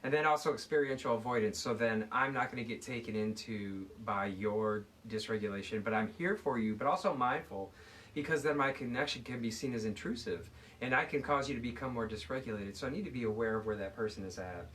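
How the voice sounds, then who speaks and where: A man guest expert discussing mindfulness and parenting in a measured, agreeable conversational way. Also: medium pitch, fairly bright tone, distant mic, slight background noise. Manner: agreeable, affirms often, explains in a measured way. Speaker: guest expert on youth mental health. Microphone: video call.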